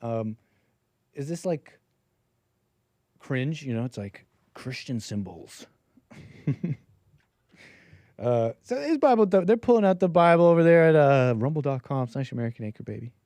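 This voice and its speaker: A man's voice: mid-range voice, sing-song, moderate pace, long pauses, darkish tone, dry recording. A man hosting a live-stream call-in show, talking in a rambling, joking, loose way. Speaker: host.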